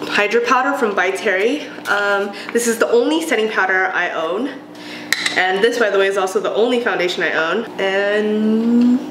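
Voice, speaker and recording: A woman talks casually through her makeup routine, gushing with excitement over new products and poking fun at herself. She is sick today. The room echoes and there is a steady noise behind her. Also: medium pitch. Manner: gushing, excitable, self-deprecating. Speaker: beauty vlogger. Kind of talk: casual get-ready-with-me chat. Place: home, doing her makeup.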